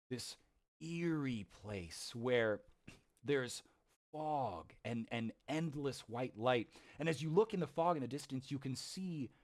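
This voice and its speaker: A man's voice: mid-range voice, a little mellow. Man narrating as game master. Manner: playful, laughing, with frequent restarts.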